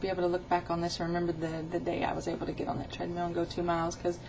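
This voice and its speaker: A woman's voice: on the low side, completely flat delivery, rapid-fire, lo-fi sound, noisy background. A middle-aged woman recording a casual video diary about her weight loss, rambling and chatty as she tells a story with quoted dialogue.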